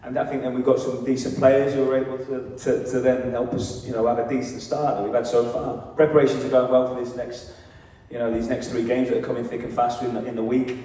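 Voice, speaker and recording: A football head coach answering questions earnestly on stage, with many fillers and restarts. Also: male voice, mid-range voice, flat delivery, brisk, hardly any pauses, warm tone. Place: large hall at a live event. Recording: echoey hall, mic from far off.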